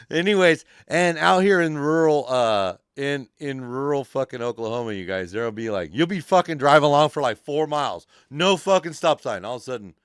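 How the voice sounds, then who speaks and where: A man hosting a podcast, telling a story in animated, profane, casual talk and acting out the voices of people in it. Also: medium pitch, a little fast, clear, resonant tone, no room sound, clean studio sound. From California. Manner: animated, swears constantly, acts out voices in his stories. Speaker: podcast host. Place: podcast studio.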